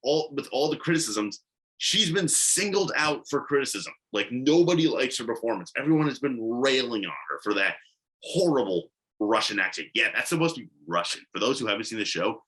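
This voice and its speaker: A man's voice: fairly low pitch, sharp tone, low-quality recording. A man giving casual, blunt commentary on TV award predictions, swearing and rambling with asides.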